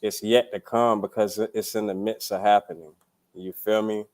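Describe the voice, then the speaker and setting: A young man from Durham speaks as a podcast guest. His voice sits low, and he talks in a loose, slangy way, full of cursing and constant "you feel me" check-ins. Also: flat delivery, normal speed, a little mellow. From Durham, North Carolina. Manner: laid-back, profane, repeats "you feel me". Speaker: poet and musician guest. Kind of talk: casual podcast interview.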